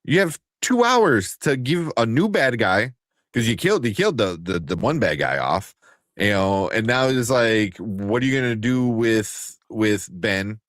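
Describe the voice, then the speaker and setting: Man, low voice, lively and swearing, casual podcast co-host, dry sound. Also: no room sound. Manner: animated, swearing, quick impressions of people. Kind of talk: casual movie chat.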